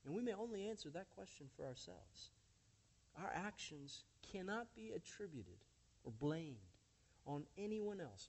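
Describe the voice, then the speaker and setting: With a notably high, slightly mellow voice, a pastor preaches emphatically from the pulpit, referring to his listeners as friends and church and repeatedly posing his points as rhetorical questions.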